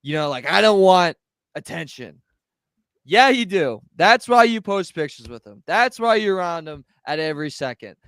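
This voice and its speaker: A man's voice: on the high side, big pitch swings, moderate pace, hardly any pauses, a bit bright, clear, resonant tone, dry recording. A man co-hosting a podcast who chimes in often and argues his side in casual chat. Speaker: podcast co-host.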